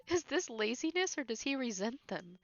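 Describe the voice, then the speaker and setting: A woman's voice: a little high, sing-song, normal speed, vocal fry, fairly bright tone, no echo. A woman streamer giving casual gameplay commentary, laughing often and making sarcastic, teasing remarks. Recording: dull lo-fi stream audio with faint game music.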